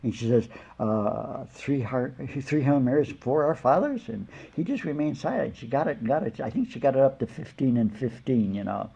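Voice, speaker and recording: A man's voice: medium pitch, lively intonation, moderate pace, creaky, few pauses, dark tone, slightly rough. An older man, a spiritual teacher, giving an informal sermon with stories, rambling and chuckling through conversational asides. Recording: dull lo-fi lecture recording.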